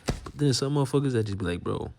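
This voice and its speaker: A young man ranting to camera about work beef, animated and slangy, laughing often. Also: mid-range voice, racing, slight background noise. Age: young adult. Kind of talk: comedic rant to camera.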